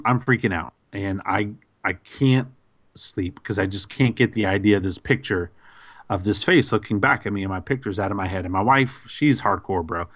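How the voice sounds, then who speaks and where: A man on a podcast telling a story in a casual, animated way, with many fillers and restarts. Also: on the low side, dry recording. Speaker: podcast host.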